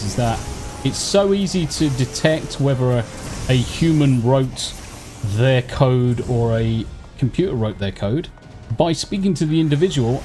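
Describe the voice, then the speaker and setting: A man talking over voice chat during a game stream. He makes his points emphatically, repeats them for weight and swears freely. Game music plays clearly behind him. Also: mid-range voice, mellow. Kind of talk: casual voice chat while gaming.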